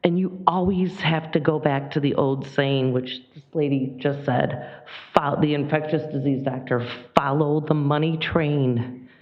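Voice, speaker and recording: A woman's voice: sits low, fairly even intonation, measured pace. Woman from Michigan, public commenter, impassioned and near tears, muffled hall audio.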